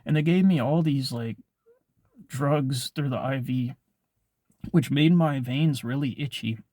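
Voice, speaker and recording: A man's voice: mid-range voice, unhurried, warm tone, dry recording, clean studio sound. Rambling young man telling a story. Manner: rambling, heavy filler words and swearing. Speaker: vlogger. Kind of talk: casual storytelling.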